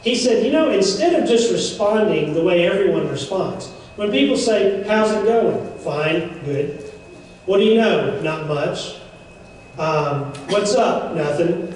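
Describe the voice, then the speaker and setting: A man's voice: sits high, darkish tone, a little hiss or hum. A man giving a seminar talk, chatty and joking with playful asides. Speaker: seminar speaker. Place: event room. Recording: echoey room, mic far off.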